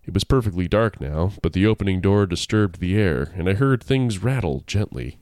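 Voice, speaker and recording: A man's voice: low voice, animated, moderate pace, a little mellow, no room sound. A man co-hosting a podcast, reading a spooky story aloud with playful asides. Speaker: podcast co-host. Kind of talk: casual chat and story reading.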